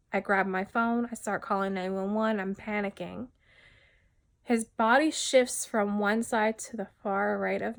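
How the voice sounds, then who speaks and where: A woman from New Jersey recounts her own story as a testimony. She speaks haltingly, restarting her sentences and leaning on fillers, and her voice often sinks quiet. Her pitch sits in a middling range for a woman. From New Jersey, USA. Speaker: widow giving a personal testimony. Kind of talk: personal testimony.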